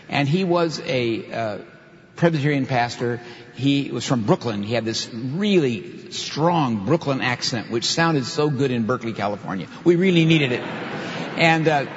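An older male pastor preaching a sermon, earnest and emphatic, with stresses that rise on key points. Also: mid-range voice. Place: church sanctuary. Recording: dull reverberant hall sound.

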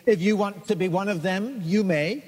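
A man's voice: high-pitched, moderate pace, darkish tone, slightly rough. A man voicing a haughty bearded guru who speaks dismissively. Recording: long hall reverb.

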